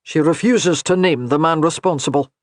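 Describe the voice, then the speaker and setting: A man's voice: a little high, normal speed, dry recording, studio quality, close to an everyday voice. A man reading as a blunt, formidable clan chief. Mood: stern.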